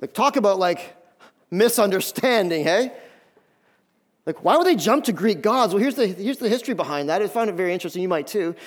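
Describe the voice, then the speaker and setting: A male pastor delivers a sermon in an animated, high-pitched voice. He often doubles up his words as he pushes a point home. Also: fairly quick. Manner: animated, repeats words when building emphasis.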